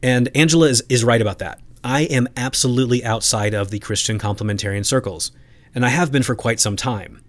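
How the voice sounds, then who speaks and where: A man of average pitch hosts his own podcast, speaking alone. He thinks aloud in a loose, conversational way, sometimes restarting a phrase before carrying on. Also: fairly quick. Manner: conversational, reflective, with frequent restarts. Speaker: podcast host. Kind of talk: solo podcast commentary.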